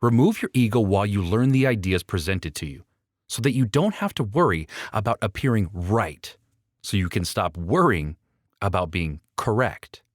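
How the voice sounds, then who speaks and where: A man's voice: on the low side, very animated, normal speed, no echo, clean studio sound. A man reading his own book aloud as an audiobook, persuasive and speaking straight to the listener. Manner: persuasive, addresses the listener directly. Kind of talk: audiobook narration.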